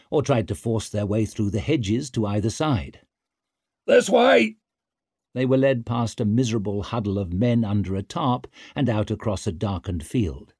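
A man narrating an audiobook in an expressive, dramatic storytelling manner. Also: fairly low pitch, no echo, studio quality. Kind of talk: scripted narration.

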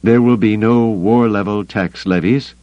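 A man's voice: lowish voice, fairly even intonation, a little slow, warm tone, no echo, dull audio, pitched above the performer's own voice, lightly acted. A man voicing a nervous alien planetary leader with a slightly quavering voice. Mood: wary pleading.

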